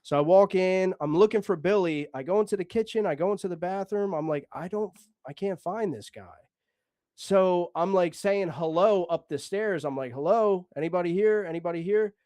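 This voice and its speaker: A man's voice: sits high, normal speed, dark tone, no room sound. A man telling a long story casually, rambling, swearing and acting out the dialogue.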